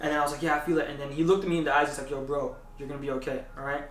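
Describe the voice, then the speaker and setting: A young man rattles through a story at a quick clip, his voice sitting a touch high for a man. He keeps checking in with his listener as he talks. The sound is roomy and echoey, picked up from some distance off the mic. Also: slight background noise. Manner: animated storytelling, tags lines with "right?". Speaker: vlogger. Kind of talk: casual storytime chat.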